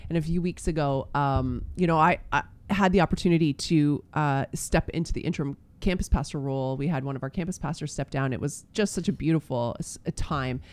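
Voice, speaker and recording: A man, a pastor, telling a personal faith story in casual chat, earnest and halting with many fillers and restarts. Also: fairly high pitch.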